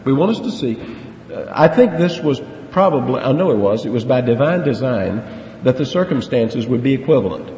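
A man preaching an earnest, emphatic sermon in a mid-pitched voice, dwelling on key words and throwing out rhetorical questions. His voice carries a long, roomy reverb in a large hall. The recording is dull and lo-fi. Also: lively intonation, a little fast, warm tone. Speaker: preacher teaching a Bible passage. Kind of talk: expository sermon. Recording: echoey hall, dull lo-fi sound, faint hiss.

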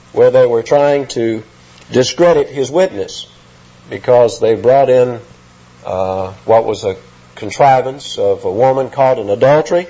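A man's voice: mid-range voice, warm tone, slightly rough. Earnest male preacher, lo-fi. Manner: earnest teaching tone, rising emphasis on key phrases. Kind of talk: expository sermon. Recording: dull lo-fi recording.

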